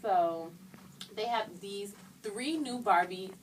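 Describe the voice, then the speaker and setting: A woman's voice: medium pitch, slow, far from the mic, rough recording. A young woman co-hosting a college radio show, chatting casually and emphatically, often laughing. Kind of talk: casual chat. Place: radio studio. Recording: voice a bit off-mic with faint noise.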